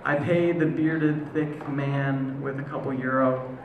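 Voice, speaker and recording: Spoken word poet, American man, gravelly mid voice, slow deliberate pauses, roomy echo. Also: mid-range voice, fairly even intonation, lo-fi sound. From United States. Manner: measured, deliberate delivery with slow, lingering pauses. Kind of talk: spoken word poetry performance. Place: live performance venue. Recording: echoey room, faint ambient noise.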